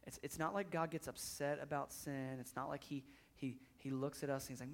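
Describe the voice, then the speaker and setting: A man's voice: medium pitch, fairly even intonation, fairly quick. A man in his thirties preaching a sermon in a church, conversational, often repeating words as he builds up intensity. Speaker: pastor.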